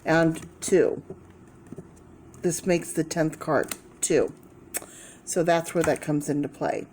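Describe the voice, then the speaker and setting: A woman's voice: sits low, steady tone, slow pace, a little mellow, slight background noise. A woman doing a casual tarot reading to camera, thinking aloud and repeating key words as she explains the cards. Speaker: tarot reader.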